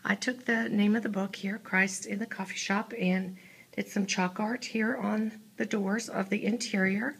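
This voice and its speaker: A woman with a husky, gravelly voice chats her way through a church classroom she decorated, pausing often with ums and uhs. She sounds a little out of breath, recorded on a handheld phone indoors. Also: mid-range voice, steady tone. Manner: chatty, halting, lots of ums and uhs. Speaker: church class decorator giving a room tour. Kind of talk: casual walkthrough vlog.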